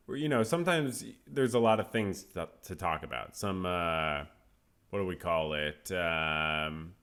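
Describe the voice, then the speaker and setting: A man hosts his own solo podcast, talking casually and rambling, correcting himself and using many fillers. His voice is fairly low and a bit bright.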